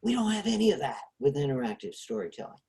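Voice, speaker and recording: A man's voice: on the high side, very animated, quick pace, vocal fry, mellow. A man hosting a casual discussion over a video call, explaining ideas with frequent hesitations. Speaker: host.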